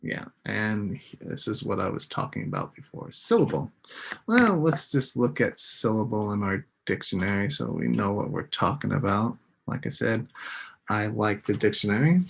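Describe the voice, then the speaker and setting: A man's voice: lowish voice, expressive, normal speed, vocal fry, husky. A man teaching a live online English lesson, patiently modeling words for students to repeat.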